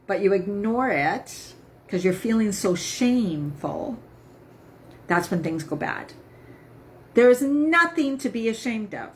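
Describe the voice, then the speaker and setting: A woman's voice: mid-range voice, sing-song, slow pace, pauses often, slight background noise. A woman health coach talking casually to viewers on a live stream, emphatic and upbeat, often asking "right?".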